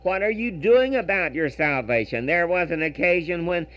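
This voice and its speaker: A man preaching over a radio broadcast, earnest and reading scripture in a measured cadence. His fairly high voice rises and falls with animation. The recording sounds dull and lo-fi, like an old broadcast. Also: expressive. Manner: earnest, reads verse in measured rhythm, repeats words.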